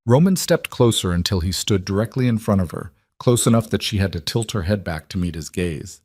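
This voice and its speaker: A man narrating a dramatic romance story in a measured storytelling voice. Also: sits low, lively intonation, darkish tone, no echo, studio quality.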